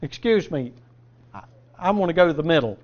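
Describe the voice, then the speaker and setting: A man preaching a sermon, firing rhetorical questions at the congregation and answering them himself, swinging between loud emphasis and quiet asides. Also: a little high, animated, brisk. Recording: dull lo-fi sermon recording.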